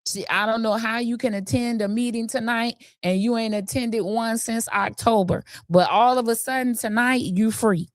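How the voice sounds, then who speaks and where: A woman's voice: fairly high pitch, steady tone, moderate pace, few pauses, dry recording, studio quality. Blunt woman hosting a livestream recap. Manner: blunt, conversational, opinionated. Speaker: livestream host. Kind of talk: casual commentary.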